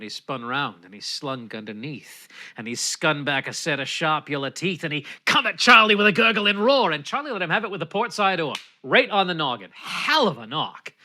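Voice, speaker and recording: A man's voice: fairly high pitch, bright, forceful tone. A man reciting a folksy narrative ballad at an online bardic gathering. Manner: folksy down-east storytelling. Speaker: poetry reciter.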